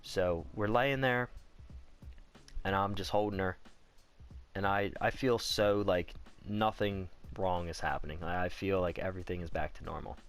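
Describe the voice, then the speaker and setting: Faint music plays behind a young man as he tells a personal story in a relaxed storytime vlog, speaking at a moderate pace in a lowish voice. He rambles candidly, curses freely, and leans heavily on "like."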